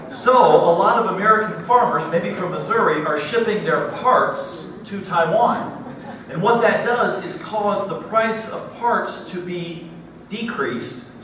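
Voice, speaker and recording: A man's voice: high-pitched, a bit bright. A man giving a genial church slide talk, chuckling now and then at his own stories. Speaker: missionary speaker. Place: church sanctuary. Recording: echoey hall, distant mic, faint hiss.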